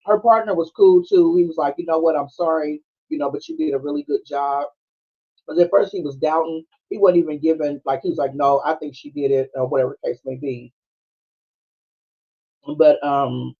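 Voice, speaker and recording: A high-pitched male host moves fairly quickly through a scene-by-scene movie chat on a casual podcast, carrying a Black flavor. He quotes characters in their voices and laughs frequently. The streamed recording sounds a bit dull and low-fi.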